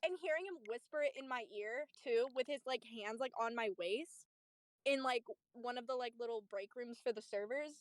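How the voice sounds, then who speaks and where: A young woman streamer chatting casually, telling a story in an animated, profane way. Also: fairly high pitch, normal speed. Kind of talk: casual chat.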